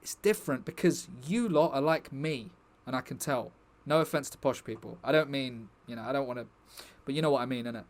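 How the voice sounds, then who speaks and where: A man's voice: mid-range voice, brisk, hardly any pauses. A young man chatting casually to his stream viewers, rambling and joking with the chat.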